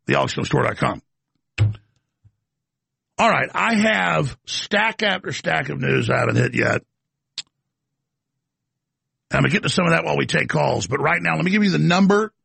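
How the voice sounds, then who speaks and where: Gravelly, brash talk radio host man. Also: a little high, sharp tone, dry recording. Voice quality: gravelly, raspy. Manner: brash, hammering, repeats phrases for emphasis. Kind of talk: fast call-in radio monologue.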